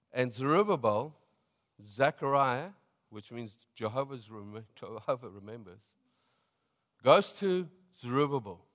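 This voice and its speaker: A middle-aged man with a South African accent, a pastor preaching a sermon and telling stories in a relaxed, chatty way, laughing often. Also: medium pitch, long reverb tail. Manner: conversational storytelling, laughing often.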